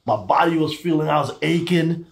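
A man's voice: a little high, brisk, vocal fry. A man co-hosting a podcast, speaking earnestly and retelling a recent encounter with repeated phrases. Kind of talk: casual chat.

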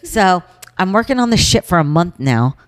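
Middle-aged woman, low voice with a lively lilt, swears freely in a casual podcast chat. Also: moderate pace. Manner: profane, animated storytelling. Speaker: podcast co-host.

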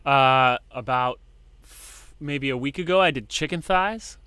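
A man's voice: medium pitch, a little slow, smooth, no room sound. A man co-hosting a casual podcast over a video call, telling rambling stories with lots of fillers. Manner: relaxed, rambling storytelling with many fillers. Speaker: podcast co-host. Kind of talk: casual chat. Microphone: microphone on a video call.

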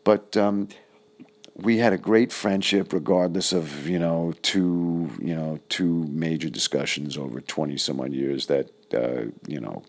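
A middle-aged man recalling an old friend in a casual, halting, reflective way with many pauses. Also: deep voice, darkish tone. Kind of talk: casual personal recollection.

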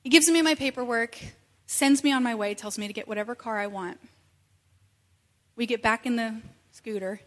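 A woman in her thirties telling a personal story in an animated, conversational way, with many asides. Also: a little high. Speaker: speaker sharing a personal testimony. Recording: long reverb from a hall.

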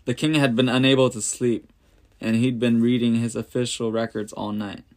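A man's voice: mid-range voice, flat delivery, normal speed, darkish tone. Man reading a Bible story aloud.

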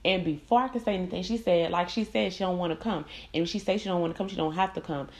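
A woman's voice: fairly low pitch, fast. A young adult woman hosting her own podcast, telling candid, profane stories in casual chat and acting out the people she quotes. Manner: candid, profane, animated storytelling with quoted voices. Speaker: podcast host. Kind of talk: casual storytelling monologue.

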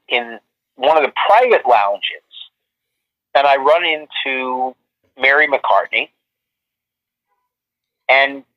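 A man, a photographer guest, telling long stories in a casual interview, rambling with many restarts and fillers, heard over a remote call. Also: mid-range voice. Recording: muffled lo-fi line.

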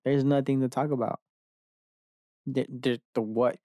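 A man's voice: mid-range voice, steady tone, unhurried, mellow, no room sound, studio quality. A man hosting a podcast alone in his bedroom, rambling from one idea to the next with lots of profanity and self-mocking asides. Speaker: podcast host. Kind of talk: rambling solo rant.

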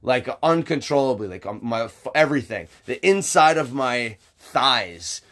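A man's voice: mid-range voice, lively intonation, a little slow, a bit bright. A young man chatting casually on a podcast, rambling with lots of fillers, restarts and swearing. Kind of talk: casual storytelling chat.

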